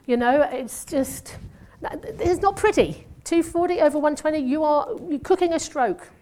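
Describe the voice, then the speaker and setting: A woman in her 50s, a church speaker who used to be a nurse, gives a testimony sermon in a chatty, self-mocking style full of asides. Her voice is high, mellow and unhurried.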